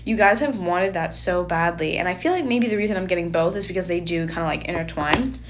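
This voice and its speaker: A young woman giving a casual spoken tarot reading, chatty and animated with lots of filler words. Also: lowish voice, brisk. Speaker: tarot reader.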